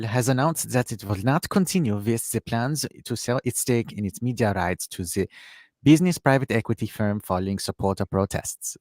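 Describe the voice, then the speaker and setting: A man's voice: mid-range voice, a little mellow, no room sound. A man putting on a German-accented newsreader. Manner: reading a news article aloud in a put-on accent. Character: mock German-accented male news reader. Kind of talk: casual podcast chat.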